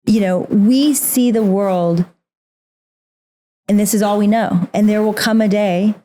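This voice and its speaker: A woman's voice: medium pitch, steady tone, unhurried, warm tone. A woman guest on a faith podcast, talking earnestly and reading scripture aloud with feeling. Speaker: guest author. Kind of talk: casual faith conversation.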